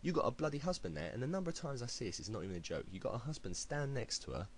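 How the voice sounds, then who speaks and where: A man's voice: medium pitch, sing-song, very fast, a little hiss or hum, low-quality recording. A British man delivering a heated, blunt opinion rant to camera, swearing freely. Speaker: video blogger. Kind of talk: ranting opinion commentary.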